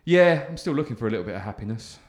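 A man's voice: medium pitch, lively intonation, rapid-fire, a little mellow. A man hosting a casual podcast interview, teasing his guest with jokey asides. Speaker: host.

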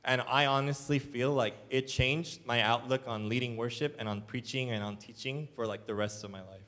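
A man's voice: mid-range voice, normal speed, fairly bright tone. Young guy giving a sermon, chatty and rambling with lots of "like", big echoey church hall. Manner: casual, filler-heavy storytelling with many "like"s. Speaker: church elder preaching. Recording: long hall reverb.

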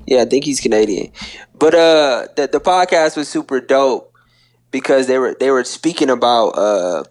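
A man's voice: medium pitch, expressive, moderate pace. A man co-hosting a podcast, telling stories in a rambling casual way, full of hesitations. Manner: rambling, hesitant with many uhs. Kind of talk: casual banter.

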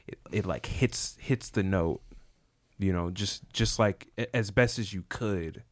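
A man with a low voice makes his point eagerly in a chat among friends. He stumbles and restarts as he builds emphasis. The recording is dry and close. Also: measured pace, no echo. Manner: emphatic, enthusiastic, hesitant restarts. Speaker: podcast co-host. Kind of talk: casual chat.

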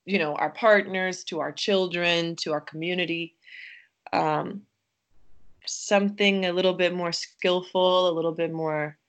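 A woman guest on a podcast, talking in a gentle, thoughtful way and often pausing to find her words. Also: lowish voice. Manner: gentle and thoughtful, with frequent hesitations. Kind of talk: reflective podcast conversation.

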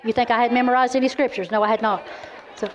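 A middle-aged woman, giving a keynote as animated, emphatic sermon-style storytelling. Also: a little high, a faint crowd, a little hiss or hum. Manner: animated and emphatic, quick asides. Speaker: keynote speaker. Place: large event venue.

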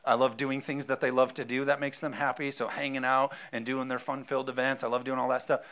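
A man in his thirties preaching a sermon, animated, laughing often and asking the congregation whether they are with him. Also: mid-range voice, fast talker. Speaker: pastor.

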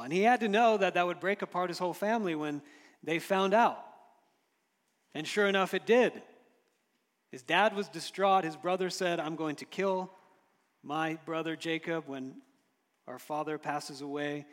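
Male pastor, slightly high voice, sermon delivery, big hall reverb. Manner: storytelling, rises and drops in loudness, occasional chuckles.

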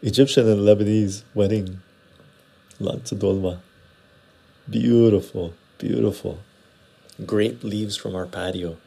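Casual livestream host, a man from Western Canada, low husky voice, rambling and chatty. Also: steady tone, a little slow, mellow. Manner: rambling, conversational, often tags "right?". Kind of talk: casual livestream chat answering viewer comments. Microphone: lapel mic.

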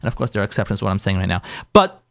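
A man's voice: lowish voice, big pitch swings, rapid-fire, gravelly, a bit bright, no echo, clean studio sound. A man hosting a talk show as a rabbi, giving marriage advice emphatically, repeating phrases and acting out what spouses say.

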